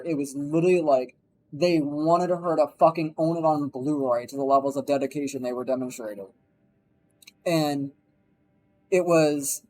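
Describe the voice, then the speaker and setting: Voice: mid-range voice, moderate pace, a little mellow, low-quality recording. A streamer telling a story in a casual live stream, swearing freely, rambling and acting out the people being quoted.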